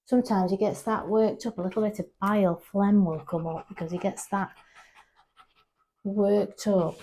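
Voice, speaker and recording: A woman who grooms pets explains her work in a casual vlog filmed indoors at a grooming salon. Her intonation is fairly even, her speed normal, and her tone mellow; she's chatty and explanatory, coaxing the dog in a high voice.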